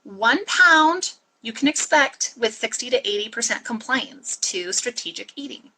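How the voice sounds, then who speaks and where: Earnest higher-voiced woman coaching listeners. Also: lively intonation, measured pace, pushed and bright, a little hiss or hum, poor audio. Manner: earnest, emphatic coaching talk with pep-talk asides. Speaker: fat-loss and mindset coach. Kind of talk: solo podcast monologue.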